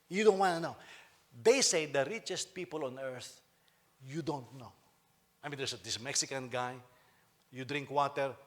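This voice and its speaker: A middle-aged male pastor, preaching with a lively, swooping delivery that climbs and dips across each phrase. His voice sits a little higher than most men's. He bantering with his listeners, repeating words and restarting as he goes. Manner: animated, joking with the congregation, frequent repetitions and restarts. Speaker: senior pastor. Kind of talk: sermon.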